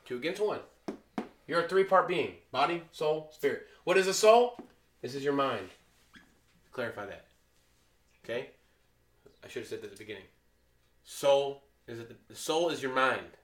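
A man preaching a sermon, emphatic and moving between loud and quiet. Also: medium pitch, expressive, moderate pace, pauses often, reverberant.

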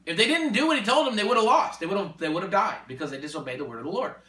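High, bright-voiced man preaching. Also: lively intonation, rapid-fire. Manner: emphatic, repetitive, rising to forceful exhortation. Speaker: Christian speaker. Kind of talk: preaching in conversation. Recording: echoey room, distant mic.

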